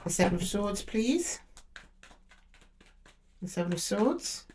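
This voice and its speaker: A woman's voice: medium pitch, very animated, takes it slowly, darkish tone, slight background noise. Woman giving a hesitant tarot reading. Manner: talks to the zodiac sign directly, thinking aloud; hesitant, with frequent restarts while drawing cards. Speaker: tarot reader.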